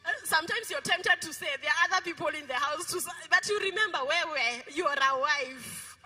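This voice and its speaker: A middle-aged woman pastor with a Kenyan accent, preaching a lively sermon in a church, playful and quizzing her congregation. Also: high-pitched, brisk. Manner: playful, code-switching, asks the congregation questions. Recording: music behind the preaching.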